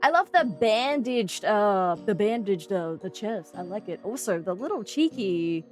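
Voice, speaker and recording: A young Australian woman streaming, chatting casually to her viewers, giggling and gasping excitedly. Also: mid-range voice, soft background music. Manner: giggly, bubbly and excitable, quick gasps and squeals. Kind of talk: casual live-stream chat.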